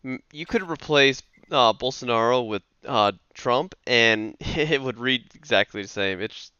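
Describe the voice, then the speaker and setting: A man's voice: mid-range voice, unhurried, sharp tone, clean tone, no echo. A man co-hosting a podcast, chatting casually and hesitantly with many fillers. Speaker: podcast co-host. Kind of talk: casual news chat. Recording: dull, dry, lo-fi mic.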